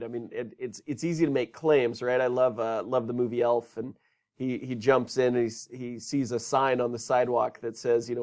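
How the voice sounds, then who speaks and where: A man's voice: mid-range voice, fairly even intonation, normal speed, a little mellow. Conversational male business lecturer. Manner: conversational, frequent ums and rhetorical questions. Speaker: business course instructor. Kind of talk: recorded lecture.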